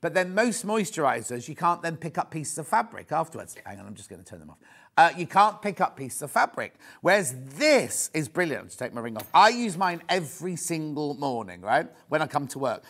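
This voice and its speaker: A middle-aged man presenting a live shopping channel, chatty and excitable, often raising his voice. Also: a little high, a little fast, gravelly. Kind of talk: live TV sales pitch. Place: TV studio.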